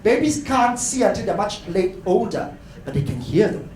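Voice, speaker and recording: Animated man lecturing in an echoey hall. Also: high voice, moderate pace. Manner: animated, playful, acts out voices and laughs often. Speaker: conference workshop speaker. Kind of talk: lively educational talk to an audience. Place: hotel conference room. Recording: roomy hall with faint noise.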